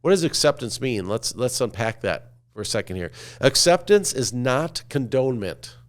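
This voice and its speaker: Animated man guiding listeners through imagery. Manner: slow, coaxing, asks listener to picture scenes; drops to a hushed low voice at the ends of phrases. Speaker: podcast host. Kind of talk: storytelling with guided imagery.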